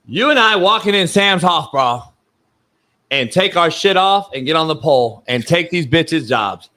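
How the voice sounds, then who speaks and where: A man hosting a sports talk show, ranting loudly and profanely, often breaking into shouts. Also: fairly high pitch, animated, normal speed. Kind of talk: heated sports talk banter.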